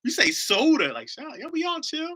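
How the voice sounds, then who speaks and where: A man's voice: very high-pitched, wildly swooping pitch, a little fast, sharp tone, voice pushed up, heavily acted. A man doing a brash scoffing city dude. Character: brash mocking West Coast city dude.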